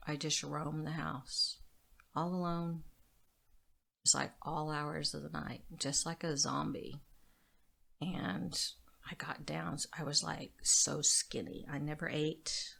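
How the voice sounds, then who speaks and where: A middle-aged woman, a podcast guest, telling her life story candidly and often dropping to a soft near whisper. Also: deep voice, gravelly.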